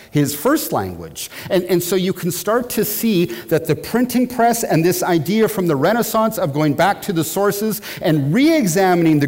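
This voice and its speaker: Man, lecturer, lively up-and-down delivery, repeats and restarts, long hall echo. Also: high voice. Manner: animated, repeats words and restarts, asks the listeners questions. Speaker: teacher of church history. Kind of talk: lecture on Reformation history.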